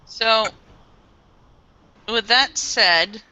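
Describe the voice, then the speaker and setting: A woman narrating a tabletop role-playing game as game master, describing scenes in a measured way, on a dull lo-fi recording. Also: a little high, bright, forceful tone, smooth, no room sound.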